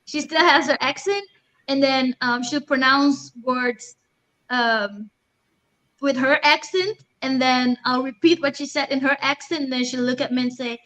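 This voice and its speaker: A woman's voice: sits high, unhurried, fairly bright tone. A woman talking in a casual chat, telling stories playfully and laughing often. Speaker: guest. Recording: dull, lo-fi sound.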